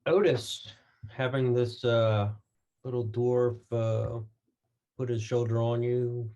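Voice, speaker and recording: A man narrating as game master in a tabletop game, relaxed and hesitant. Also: medium pitch, takes it slowly, highs cut off.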